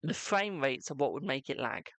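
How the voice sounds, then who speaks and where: A man's voice: mid-range voice, expressive, normal speed, a bit bright, no echo. A British man chatting casually on a live stream as a tarot reader, talkative and self-mocking, swearing now and then.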